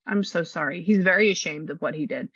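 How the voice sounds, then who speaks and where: Bright-voiced woman medium, casual and chatty in a reading, dry close audio that is slightly dull. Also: fairly low pitch, fast talker, husky, dry recording. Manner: chatty, animated, relays a spirit's words in quotes. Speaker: spiritual medium. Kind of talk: casual reading session with a client.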